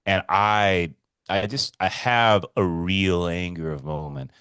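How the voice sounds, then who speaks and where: Deep-voiced excitable man telling a story. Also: slow, smooth, no echo. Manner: excitable, swears freely, repeats himself. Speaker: podcast co-host. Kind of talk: casual storytelling chat.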